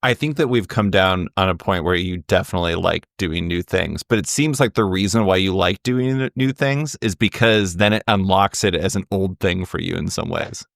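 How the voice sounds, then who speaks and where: A man's voice: low-pitched, normal speed, vocal fry, few pauses, a bit bright, no room sound, clean studio sound. A man hosting a podcast interview, asking thoughtful questions in a conversational way. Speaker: podcast host.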